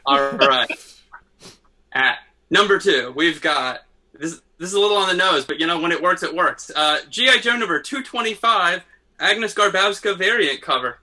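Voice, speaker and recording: A man's voice: high voice, animated, normal speed, sharp tone. A man in casual podcast chat, a comic artist who talks in a chatty, self-deprecating way and laughs easily.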